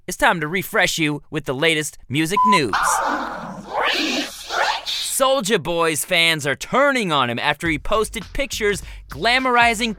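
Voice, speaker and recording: A man hosting a podcast, rattling off sarcastic comedic music news and chatting with a guest in a studio. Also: sits high. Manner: sarcastic, jokey delivery. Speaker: podcast host. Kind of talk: comedic news rundown and interview.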